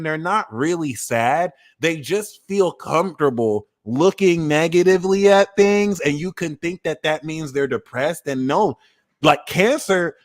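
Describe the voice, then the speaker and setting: A man hosting an astrology livestream, ranting in a casual comedic way, animated, slangy and profane, laughing at his own jokes. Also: sits high.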